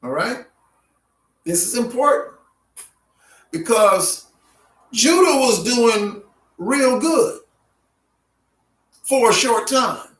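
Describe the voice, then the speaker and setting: Slow, high-voiced man teaching Bible history. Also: lively intonation, a bit bright. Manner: unhurried, repeats names in alternate pronunciations. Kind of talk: classroom Bible history lecture. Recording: roomy sound from a distant mic.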